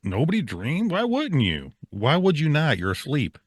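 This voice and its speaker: A man's voice: on the high side, huge pitch swings, moderate pace, slightly rough, dry recording, clean studio sound. A man co-hosting a podcast in casual chat, talking in a folksy way with double negatives. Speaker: podcast co-host.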